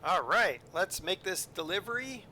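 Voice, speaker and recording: A man's voice: sits high, lively intonation, moderate pace, bright, forceful tone, a little hiss or hum. A man streaming a train game, chatting casually and joking with his viewers, with lots of ums and asides. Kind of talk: casual live-stream commentary.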